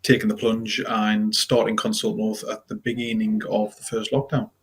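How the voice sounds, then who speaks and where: A young man with a Geordie accent, speaking as a guest in a casual podcast interview, modest and measured. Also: fairly low pitch, little pitch movement, husky. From North East England. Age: young adult.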